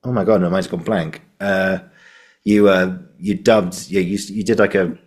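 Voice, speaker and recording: A man's voice: deep voice, fairly even intonation, moderate pace, breathy edge. A man hosting a podcast, supportive and fumbling for words at times in casual conversation. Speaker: podcast host.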